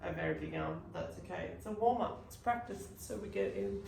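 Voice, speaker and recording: A woman's voice: lowish voice, big pitch swings, brisk, vocal fry, a little mellow, slight background noise. A woman teaching an unscripted art class, chatty and encouraging as she talks through each step. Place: art studio. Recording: roomy, from a distance.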